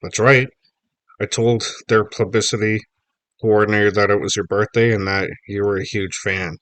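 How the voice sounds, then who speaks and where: Guy reading a hyped-up bouncy dad, low voice but eager, teasing, dry close sound. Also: fairly even intonation, normal speed, fairly bright tone, no echo, lightly acted. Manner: eager, teasing, bubbling over. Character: excitable, bouncy middle-aged reporter dad.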